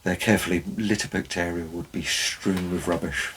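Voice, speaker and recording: A man's voice: deep voice, steady tone, normal speed, background noise. A man, a former forest warden, tells wry anecdotes in a dry, storytelling way. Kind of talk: storytelling narration.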